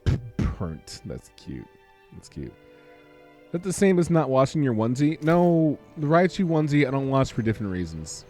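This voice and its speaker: A man's voice: mid-range voice, very animated, normal speed, a little mellow, faint music behind. A young man casually commenting while playing a game, rambling and joking through a long story. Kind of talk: casual let's-play commentary.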